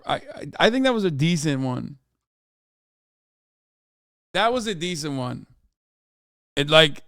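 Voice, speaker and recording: A man's voice: a little high, big pitch swings, unhurried, vocal fry, pauses often, fairly bright tone, no room sound, studio quality. An American man hosting a livestream, riffing sarcastically with lots of swearing. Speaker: streamer. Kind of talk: casual livestream commentary.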